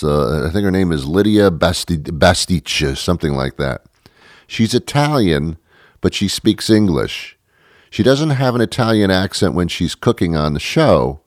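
A man's voice: sits low, no echo, studio quality. A man hosting a podcast, talking in a rambling, sarcastic comedic monologue that often stops and restarts. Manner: rambling, self-interrupting, sarcastic. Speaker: podcast host.

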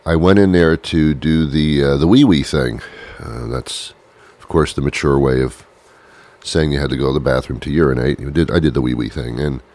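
A man's voice: extremely low pitch, normal speed, a little mellow. A man hosting a comedy show, rambling through a playful, self-mocking monologue full of restarts.

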